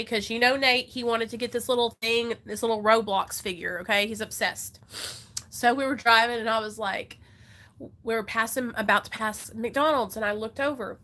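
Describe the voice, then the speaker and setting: A woman's voice: on the high side, pushed and bright. A young woman vlogger talking earnestly and emotionally to her viewers about recovery, in a chatty style full of "like" and "y'all". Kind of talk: casual heartfelt talk to viewers.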